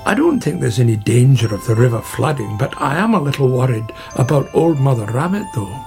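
A man's voice: medium pitch, fairly quick, creaky, faint music behind. A man playing a grumbling old badger. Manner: grumbling, steady. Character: gruff sensible male badger.

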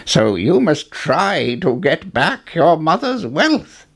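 A man voicing a wise, mysterious old man in a storybook reading, speaking slowly and earnestly. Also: on the high side, big pitch swings, fairly bright tone, husky, pitched above the performer's own voice, full character voice. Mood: solemn. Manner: slow, earnest delivery.

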